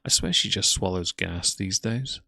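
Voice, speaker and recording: A man's voice: sits low, normal speed, gravelly, a loud crowd. A man giving scornful, mocking commentary while reacting to another person's livestream and greeting his own chat. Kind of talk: live stream commentary.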